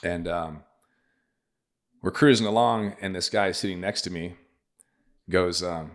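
A man's voice: sits low, unhurried, pauses often. A middle-aged man, a podcast guest, telling a long story in casual chat and acting out what other people said. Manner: animated anecdote teller, acts out other people's lines.

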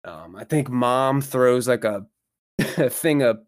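A man's voice: mid-range voice, expressive, slow, no room sound, studio quality. A man co-hosting a podcast, rambling through a movie recap in casual chat with fillers and laughter. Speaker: podcast co-host.

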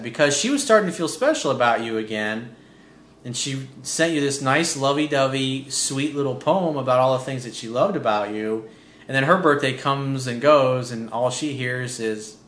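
A man coaching a listener on dating in a blunt, casually profane way, reading out the letter and answering it point by point. His voice sits at a middle pitch. The room adds a noticeable echo. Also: a bit bright. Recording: roomy echo.

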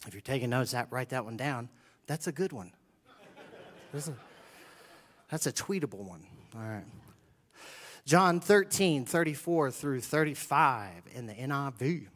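A middle-aged man preaching a sermon as pastor, animated and joking, swinging from quiet asides to loud bursts. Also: mid-range voice, a little slow, long pauses.

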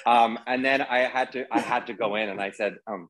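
A man's voice: medium pitch, steady tone, brisk, few pauses, fairly bright tone, slight background noise, rough recording. Male podcast guest, casual storyteller, chatty and rambling. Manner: rambling, anecdotal storyteller with many fillers. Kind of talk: casual conversation.

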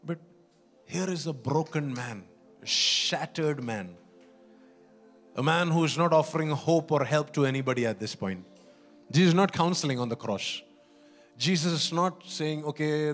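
Male preacher, fairly high voice, earnest sermon delivery with faint music underneath. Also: animated, moderate pace, long pauses. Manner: earnest, emphatic, repeats words, asks the congregation questions.

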